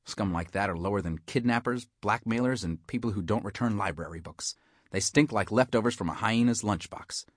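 A man narrating a children's story as a hard-boiled, wisecracking detective. His voice sits a bit low and comes across dry and close, with no room around it. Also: brisk, dry recording. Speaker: audiobook narrator. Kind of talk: scripted first-person story narration.

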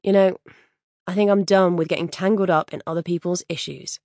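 A woman reading as a frank, wry young woman, worn out by a night out, telling it straight. Her voice sits a little low and sounds dry and close. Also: fairly even intonation, a little fast, a little mellow, no room sound, natural voice. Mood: tired. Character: weary, self-deprecating young woman on a night out.

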